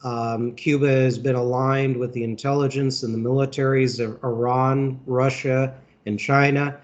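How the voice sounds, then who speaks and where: A man's voice: medium pitch, level tone, measured pace, dull audio. A man interviewing a guest on politics, laying out points in earnest and packed with names and facts, sometimes restarting a phrase. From United States.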